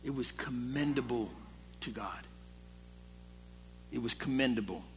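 A man's voice: mid-range voice, unhurried, faint music behind. A male pastor preaching to a men's Bible study in a conversational, storytelling way. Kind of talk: sermon. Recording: long hall reverb.

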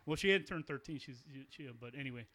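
A man in his forties at a middle pitch, chatting loosely and spinning a meandering yarn. He swears often and trips over his own sentences as he goes. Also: lively intonation, quick pace, sharp tone. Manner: rambling storyteller, profane, many restarts. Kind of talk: casual chat.

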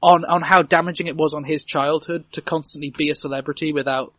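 A man's voice: on the high side, fairly even intonation, fast, a bit bright, dry recording. A man casually recounting a film's story, rambling and correcting himself as he goes. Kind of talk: casual chat.

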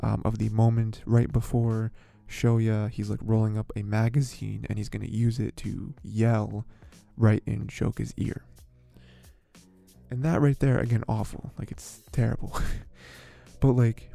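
A man's voice: mid-range voice, gravelly, warm tone. A young man hosting a podcast, talking in a rambling, filler-heavy, exasperated way. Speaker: podcast host. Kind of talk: casual commentary.

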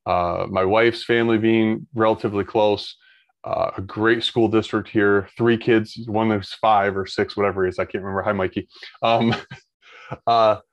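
A man's voice: fairly low pitch, little pitch movement, normal speed, dry recording, lo-fi sound. A man, talking in a casual podcast chat, rambling with many restarts. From Ohio, United States. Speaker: guest.

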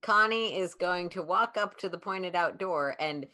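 A woman's voice: lowish voice, measured pace, bright, forceful tone. A woman playing a tabletop game, stating her character's actions in a matter-of-fact, casual way. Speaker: player.

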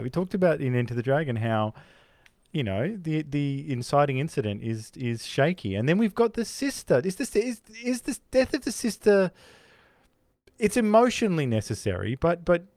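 In casual film talk on a podcast, this male co-host speaks at a moderate pace in a fairly high voice. He meanders with many restarts and grows animated retelling scenes. The studio-quality recording has no room sound.

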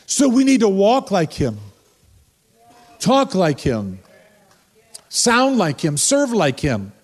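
An older man preaching a sermon, telling stories and calling on people in the congregation in a relaxed, conversational way. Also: sits high, takes it slowly, slightly rough. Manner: conversational, storytelling preacher who addresses the congregation directly. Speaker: pastor. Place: church sanctuary before a congregation. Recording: long reverb from a church hall.

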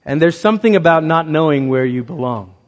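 A man who grew up in Malaysia, preaching a sermon as a pastor with emphatic, repetitive rhetorical phrasing that swings from loud to hushed. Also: fairly high pitch, lively intonation, a little fast. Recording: long reverb of a large hall.

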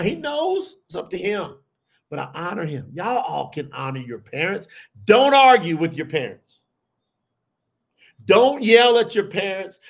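Middle-aged man, animated sermon delivery, high and gravelly, keeps turning to the audience. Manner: animated, addresses the audience as y'all. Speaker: preacher.

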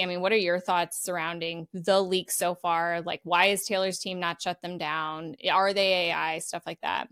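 A woman's voice: fairly low pitch, fairly bright tone, no room sound, clean studio sound. A woman co-hosting a casual podcast, chatty and laughing often, swearing casually. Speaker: podcast co-host. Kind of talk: casual chat.

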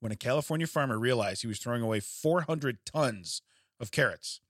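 Giggly man with a lively voice. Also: mid-range voice, a little fast, dry recording, studio quality. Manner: laughs often, reads out trivia facts. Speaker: podcast co-host. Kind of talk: casual comedic banter.

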